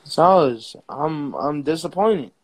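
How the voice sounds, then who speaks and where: A man's voice: on the high side, animated, slow, husky, no room sound, rough recording. A young man hosting a livestream, arguing heatedly and pleading, repeating himself. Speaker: livestream host. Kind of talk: livestream argument.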